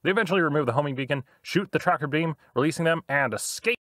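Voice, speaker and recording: A man's voice: on the high side, fast talker, a bit bright, no echo, studio quality. A man telling a comedic story about his tabletop game as the game master, playful and full of sound effects.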